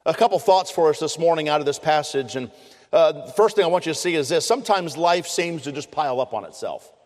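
Man, preacher, earnest conversational sermon, higher-pitched, reverberant sanctuary. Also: expressive, quick pace, darkish tone. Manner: earnest, conversational, frequent restarts. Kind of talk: sermon with personal storytelling. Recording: long hall reverb.

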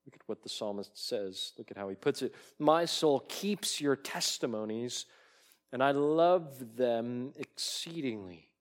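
Male pastor, unhurried sermon delivery, mid-range voice, builds intensity on quoted passages. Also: mid-range voice, lively intonation. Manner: slow, deliberate preaching that swells louder on quoted lines.

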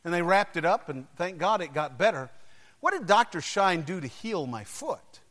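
A male preacher with a fairly high voice delivers his sermon through personal stories, leaning on emphatic phrasing and dramatic pauses. His words ring through a long, reverberant hall. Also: big pitch swings, a bit bright.

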